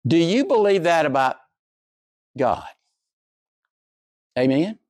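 A man preaching a sermon as pastor, animated, swinging from soft asides to raised exclamations. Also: a little high, takes it slowly, no room sound.

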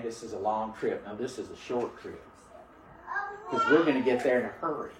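A man's voice: mid-range voice, fairly bright tone, slight background noise. A man pastor preaching a sermon with call-and-response and fervent prayer, heard in a church. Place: church sanctuary. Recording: roomy church sound from a distant mic.

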